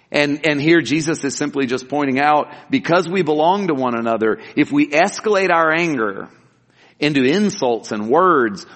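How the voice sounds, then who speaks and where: A man's voice: medium pitch, fairly bright tone, long reverb tail. A man preaching a sermon as a pastor, earnest and emphatic, asking rhetorical questions and answering them.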